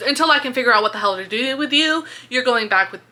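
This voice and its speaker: A woman voicing a cruel, arrogant male prince who shouts insults with contempt, in a casual book-review retelling. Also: fairly high pitch, expressive, fast talker. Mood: scornful.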